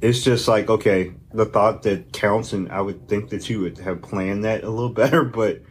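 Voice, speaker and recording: Animated man acting out chatty banter. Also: fairly low pitch, normal speed, slight background noise. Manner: animated, acts out imagined dialogue. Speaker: podcast co-host. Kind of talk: casual chat.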